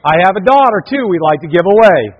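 High-voiced pastor telling a jokey story. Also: male voice, animated, fast. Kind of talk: sermon with a humorous personal anecdote. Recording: dull recording with long hall echo.

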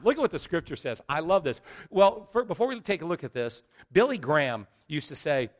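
A man's voice: on the high side, big pitch swings, brisk, few pauses. A middle-aged man preaching a sermon as pastor, emphatic and repetitive. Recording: long reverb of a large hall.

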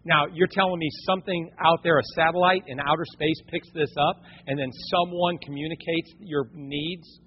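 A man's voice: a little high, fairly even intonation, moderate pace, few pauses, husky. A man preaching a sermon in a folksy storytelling way, talking to his congregation as folks. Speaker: pastor. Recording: dull, echoey church hall recording.

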